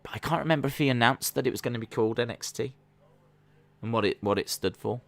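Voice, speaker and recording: A man hosting a casual live watch-along stream, calling the action and answering chat questions, sometimes jumping into high-pitched disbelief. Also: fast talker, creaky. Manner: breaks into high-pitched disbelief when excited. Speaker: live stream reaction host.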